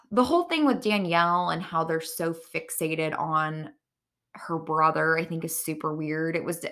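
Recapping reality TV on her podcast, this woman offers chatty, frank opinions loaded with fillers such as "um" and "like." She speaks in a low register with a forceful, bright tone.

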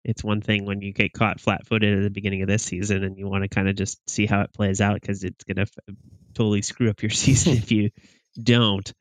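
A man co-hosting a podcast, giving halting opinions on football with many restarts. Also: fairly low pitch, dry recording. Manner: halting, restarts often, flat delivery. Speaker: podcast co-host. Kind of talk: casual sports chat.

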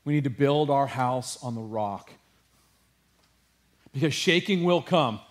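A man preaching a sermon with passion, dropping to a hush and rising to emphasis, with casual asides to his congregation. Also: medium pitch, animated, measured pace. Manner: passionate, swings from hushed to emphatic. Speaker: pastor.

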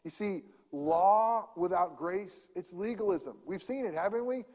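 A man preaching a sermon, swinging from loud emphasis to hushed near-whispers. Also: high voice, unhurried, in a large hall. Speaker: pastor.

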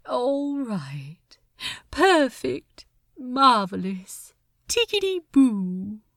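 A woman's voice: high voice, big pitch swings, drawn-out words, creaky, full character voice. A woman voicing a drunk, fussy, sentimental man with prim old-fashioned phrasing, in a podfic. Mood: flustered. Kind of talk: podfic character voice.

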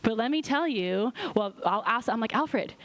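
Bubbly woman pastor, higher voice. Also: moderate pace. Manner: bubbly, animated, full of laughs and voice-acted quotes. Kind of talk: sermon.

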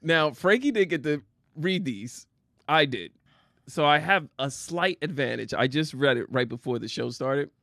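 A man's voice: on the high side, animated, normal speed, creaky, a bit bright, dry recording, studio quality. A man co-hosting a casual chat show, teasing his partner and laughing often. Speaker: podcast co-host.

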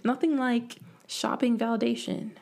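A woman's voice: fairly high pitch, fairly even intonation, moderate pace, gravelly, background noise. Young woman, solo podcast host, casual storytelling, rambling, self-mocking, whispered asides, home mic. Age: young adult.

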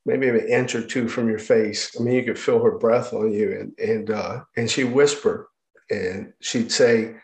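A man giving a personal testimony about his hard childhood, speaking haltingly, with frequent restarts and pauses. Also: lowish voice, steady tone, a little mellow. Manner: halting, with many restarts and fillers. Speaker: speaker sharing his life story. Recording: roomy echo.

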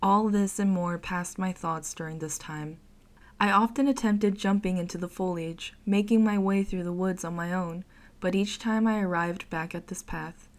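Woman narrating a horror story, lowish voice. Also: moderate pace. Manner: expressive, dramatic first-person reading.

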